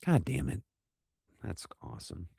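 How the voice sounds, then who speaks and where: A man co-hosting a podcast, rambling through a movie recap and acting out quotes in quick funny voices. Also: mid-range voice, lively intonation, vocal fry, mellow, slightly rough, no room sound, studio quality. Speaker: podcast co-host. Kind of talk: casual movie recap chat.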